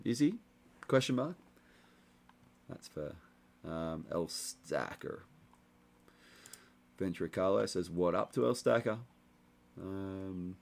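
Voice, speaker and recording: With a deep, gravelly voice, this young man takes his time and leaves long pauses while hosting a casual livestream. He reads the chat and chats loosely, relaxed and rambling with many fillers.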